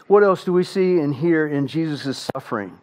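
A middle-aged man, a pastor, preaching a sermon with emphatic delivery, slow dramatic pauses and rhetorical questions. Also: on the high side, animated.

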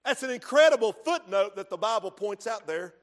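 A man preaching a sermon in church, swinging from hushed tones to shouting. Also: sits high, animated, fairly quick. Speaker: pastor.

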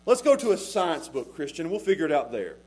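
A middle-aged man preaching a sermon as pastor, swinging between hushed lines and loud, emphatic ones. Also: on the high side, very animated, brisk, slightly rough.

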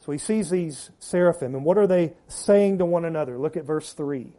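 A man delivers a sermon with a high-pitched but warm, dark-toned voice. He leans hard into repeated words for emphasis, then lets his phrase endings sink low and quiet. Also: moderate pace. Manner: preaching with rising emphasis and trailing drops at phrase ends. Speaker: pastor.

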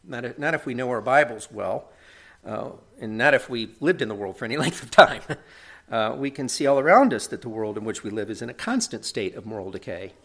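A man's voice: medium pitch, fairly quick, a bit bright. A middle-aged man preaching a sermon in an earnest, conversational way, often checking in with tag questions.

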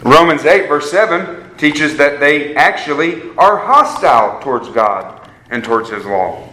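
A man's voice: a little high, lively intonation, unhurried, pushed and bright, a little hiss or hum. A man preaching a sermon to a live group in an earnest way, repeating phrases for emphasis and calling his listeners guys. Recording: echoey room with faint ambience.

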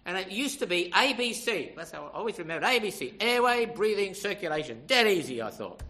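A man's voice: high voice, big pitch swings, fairly quick, sharp tone. An older man preaching a sermon, emphatic and conversational, often asking the congregation rhetorical questions.

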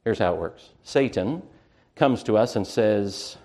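A man preaching a sermon with emphasis, who slows down to stress key words and often pauses on "uh". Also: mid-range voice, expressive, a little mellow.

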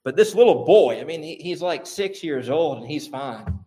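A man preaching a sermon, building to high, emphatic peaks and repeating phrases for stress. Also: lively intonation, moderate pace, warm tone. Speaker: pastor.

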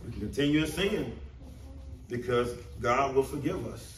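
A man's voice: medium pitch, normal speed, a little hiss or hum. A man preaching a sermon as pastor, emphatic and repeating phrases for stress. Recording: roomy, distant mic, faint ambience.

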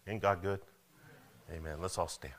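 A man's voice: deep voice, moderate pace, heavy background noise. A man preaching a sermon in a church, folksy and full of rhetorical questions and calls for amen. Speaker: pastor. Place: church sanctuary.

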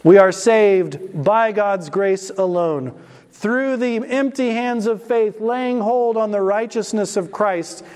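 A male pastor preaching a sermon emphatically, slowing down to stress key words. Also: high voice, a little mellow, clean tone, long reverb tail.

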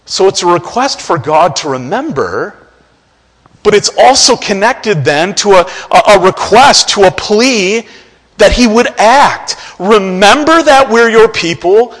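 A man's voice: high-pitched, expressive, measured pace, fairly bright tone, in a large hall. A man preaching a sermon as pastor, impassioned, his voice climbing when he pleads.

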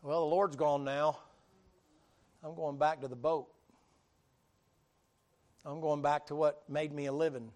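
A man voicing the apostle Peter as a weary, self-pitying old fisherman, in a loud, gravelly, pleading voice. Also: on the high side, steady tone, a little slow, pauses often, natural voice. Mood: despairing.

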